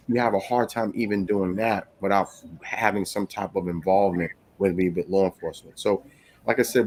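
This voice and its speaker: Emphatic low-voiced man giving opinions. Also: slight background noise. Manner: emphatic, opinionated, rhetorical questions. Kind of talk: casual chat.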